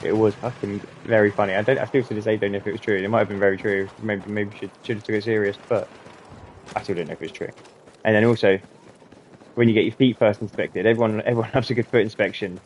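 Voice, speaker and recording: Low-voiced, sweary man. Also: steady tone, quick pace, a little hiss or hum. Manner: rambling, sweary, chuckling often. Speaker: podcast host and army veteran. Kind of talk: casual storytelling.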